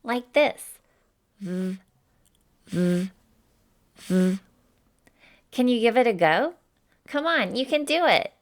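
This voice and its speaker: A woman's voice: fairly high pitch, very animated, normal speed. A woman voicing a cheerful, folksy teacher, giving an encouraging, sing-song phonics lesson for children.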